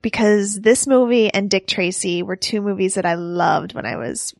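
A woman's voice: mid-range voice, moderate pace, gravelly, no room sound, studio quality. A woman in her thirties, co-hosting a casual movie podcast, who chats freely, laughs often and trails off mid-thought. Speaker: podcast co-host.

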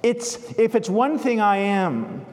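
A male preacher voicing a self-righteous, pious country woman who gushes with loud gratitude. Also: high-pitched, lively intonation, takes it slowly, long reverb tail, pitched above the performer's own voice. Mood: gushing. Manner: effusive, loud, over-grateful.

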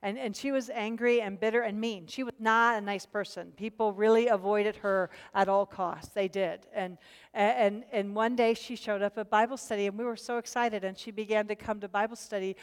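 A woman's voice: medium pitch, fairly even intonation, moderate pace, clear, resonant tone, long reverb tail. A woman leading a group Bible study, speaking earnestly, repeating words as she starts a thought and putting questions to the group.

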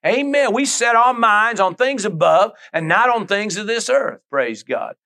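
High-voiced folksy preaching pastor. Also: male voice, expressive, a little slow, creaky, sharp tone. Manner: folksy preaching, reads scripture aloud, frequent amens. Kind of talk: sermon.

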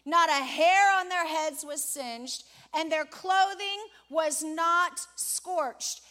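A woman with a very high-pitched, bright, forceful voice preaches slowly to a congregation in church. She stretches key words for dramatic emphasis and quizzes listeners on the next word, call-and-response style.

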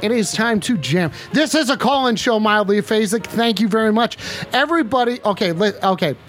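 A man hosting a mock call-in show on his stream, talking in excitable, profane, flustered outbursts. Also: sits high, a little fast, soft background music. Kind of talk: comedic live-stream banter.

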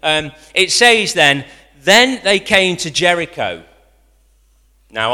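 A man preaching a sermon, lively, rising to loud quotations and dropping to quiet asides. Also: medium pitch. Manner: animated, rising to near-shouts when quoting, dropping to quiet asides. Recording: long hall reverb.

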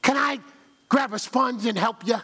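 A man's voice: very high voice, moderate pace, breathy edge, voice pushed up, exaggerated voice. A preacher putting on the voice of an eager young child who keeps asking his dad to tag along. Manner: bright, pleading questions.

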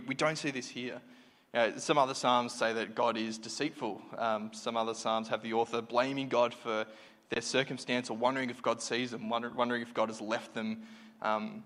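A man's voice: medium pitch, fairly bright tone. Man preaching in a reverberant hall. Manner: conversational, reflective, with many fillers and restarts. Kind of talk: sermon.

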